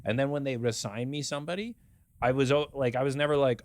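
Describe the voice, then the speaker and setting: A man's voice: mid-range voice, quick pace, no echo. A man in his thirties, a guest on a comedy podcast, telling blunt, profane stories about old jobs. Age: 30s. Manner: blunt, profane, animated storytelling. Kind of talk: casual comedy podcast chat.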